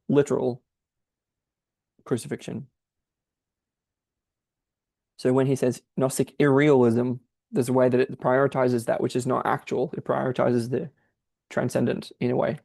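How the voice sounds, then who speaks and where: This podcast host thinks aloud through a difficult text, offering exegetical commentary in a searching, explanatory way. His medium-pitched voice is creaky and dark. The recording is dry.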